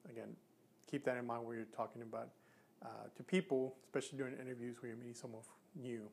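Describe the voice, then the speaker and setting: A man coaching An earnest man explains habits and how to fix them, talking straight to the camera in a plain, mid-pitched voice. He often breaks off and restarts his sentences as he demonstrates. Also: level tone, fast, creaky, slight background noise. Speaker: communication coach. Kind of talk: instructional talk to camera.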